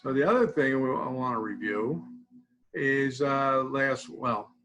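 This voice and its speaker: Faint music plays behind a man hosting a live counseling webinar as a student support clinician, and the audio is poor. In a mid-range, fairly bright voice at a measured pace, he casually guides tapping and mindfulness exercises, checking in with "okay?" after nearly each point.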